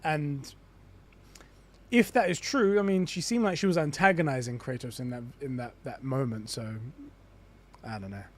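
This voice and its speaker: A man's voice: mid-range voice, moderate pace, long pauses, a little hiss or hum. A young adult man chatting casually on a live stream, theorizing in a rambling way with lots of restarts. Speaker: gaming streamer.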